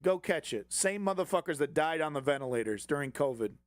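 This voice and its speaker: A man's voice: on the high side, expressive, fairly quick, dry recording. A man hosting a political commentary stream, ranting with heavy swearing and sarcastic mockery. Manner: sarcastic, swears often, mocks opponents in put-on voices.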